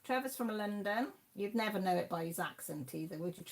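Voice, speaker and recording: Livestream host: Welsh woman, 50s, chatty, mid-pitched, reads the chat aloud with frequent laughs. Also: animated, fairly quick, slight background noise. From Wales. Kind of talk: casual chat reading viewer comments.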